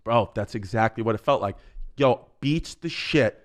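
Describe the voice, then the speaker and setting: A man's voice: mid-range voice, moderate pace. A man with a New York accent, telling raunchy stories on a podcast and acting out the people in them. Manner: animated, crude, acts out voices in his stories. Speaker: comedian guest. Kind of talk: podcast storytelling.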